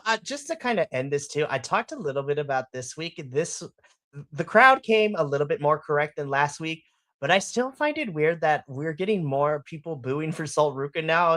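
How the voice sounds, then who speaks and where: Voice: mid-range voice, fairly bright tone, no echo, studio quality. Playful, laughing podcast co-host. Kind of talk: casual chat.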